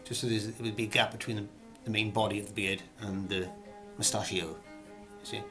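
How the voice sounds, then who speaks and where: A man's voice: fairly low pitch, fairly even intonation, a little fast, over music. A middle-aged man hosting a comic monologue of acting advice, rambling and hesitant with a theatrical flair.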